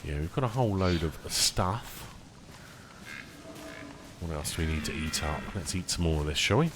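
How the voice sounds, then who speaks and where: Deep-voiced man streaming a game. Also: normal speed, background noise. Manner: chatty, rambling, easily excited by small finds. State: tired, yawning. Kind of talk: casual live-stream commentary.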